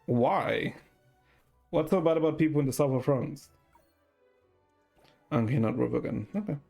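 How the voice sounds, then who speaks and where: A man's voice: fairly high pitch, unhurried, vocal fry, mellow, soft background music. A man streaming a game, chatting casually with his chat while he plays.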